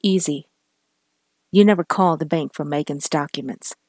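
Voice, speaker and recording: A woman's voice: sits low, moderate pace, a little mellow, dry recording. A woman voicing a determined, protective male detective who talks urgently and commandingly, recorded dry and close.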